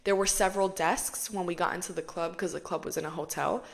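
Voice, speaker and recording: A woman's voice: lowish voice, fairly even intonation, fast talker. Chatty young woman podcast host. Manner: chatty, frequent "like" fillers, swears casually. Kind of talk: casual podcast monologue.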